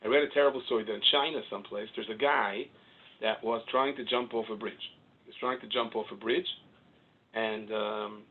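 A man in his sixties, a rabbi giving an Orthodox Jewish sermon as an animated storyteller who acts out dialogue and swings up to loud exclaiming peaks. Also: fairly low pitch, fairly quick. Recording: husky voice over a tinny phone-like line.

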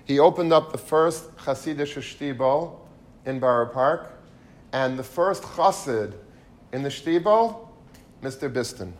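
A man in the middle of his pitch range tells a story with lively energy. He breaks off into asides and restarts his sentences as he goes, speeding up and slowing down. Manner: animated, with frequent restarts and asides. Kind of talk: storytelling talk.

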